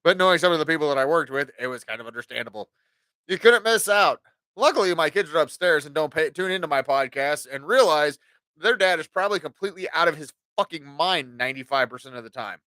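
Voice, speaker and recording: A man's voice: on the high side, expressive, fast talker, sharp tone, no room sound, clean studio sound. A man in his forties hosting a podcast, telling rambling, profane stories and acting out what people said. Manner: profane, rambling, acts out quotes. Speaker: podcast host. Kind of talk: casual storytelling monologue.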